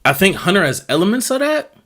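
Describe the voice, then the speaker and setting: Fast-talking and a bit bright, this man has a high-pitched voice with big pitch swings. He hosts a live stream reacting to marching band videos as band music plays. His chatter is casual and rambling, and he often repeats himself while looking for names.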